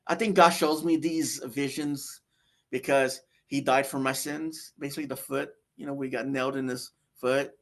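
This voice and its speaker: A man telling his near-death story in a casual, rambling way, with many fillers and restarts. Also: mid-range voice. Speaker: guest sharing a near-death experience.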